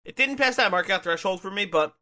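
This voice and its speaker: Guy on a wrestling podcast, bright voice, rambles w/ lots of uhs. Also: high-pitched, animated, fairly quick. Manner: rambling, filler-heavy, restarts sentences. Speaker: podcast co-host reviewing wrestling matches. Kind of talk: casual chat.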